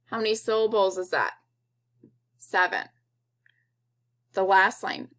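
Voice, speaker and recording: A woman teacher talks through a recorded video lesson for young children. Her voice sits in a middle pitch, and she takes her time, slowly and patiently spelling things out in a kid-friendly way. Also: fairly bright tone.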